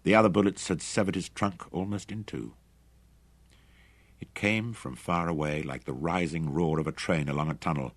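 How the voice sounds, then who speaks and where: A man narrating an adventure audiobook in a dramatic, expressive reading. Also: sits low, moderate pace, no echo. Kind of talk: scripted narration.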